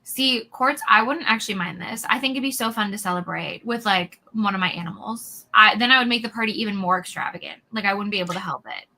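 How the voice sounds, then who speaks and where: Bright, chatty woman hosting a stream. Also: mid-range voice, fast, hardly any pauses. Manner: chatty and upbeat. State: losing her voice. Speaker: livestream host. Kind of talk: casual chat, reading comments aloud.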